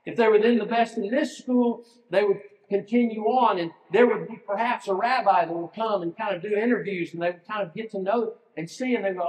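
Male pastor, high-pitched, earnest sermon delivery, reverberant church hall sound. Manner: earnest, asks the listeners direct questions. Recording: echoey hall with long reverb.

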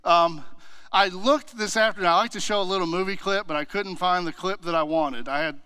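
A man's voice: high voice, fairly quick, pushed and bright, clear, resonant tone, dry recording. A man teaching a church Bible class in a conversational way, asking himself questions and retelling stories with animation.

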